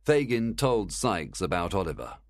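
A man narrating a storybook in a clear, measured reading. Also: low-pitched, big pitch swings, dry recording, studio quality. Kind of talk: storybook read-aloud.

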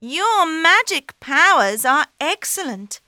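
A woman voicing a high, eager talking cat. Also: slow, no echo, studio quality, heavily acted. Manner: high, excited, pleading. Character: clever talking male cat, small, eager. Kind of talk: storybook reading.

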